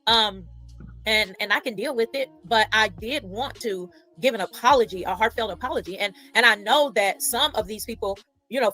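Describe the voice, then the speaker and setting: A woman giving a heartfelt apology, her voice bright and crisp in tone. She stumbles and restarts often, searching for words. Soft music sits in the background. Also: on the high side. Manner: halting, with many restarts and fillers. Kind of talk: apologetic speech.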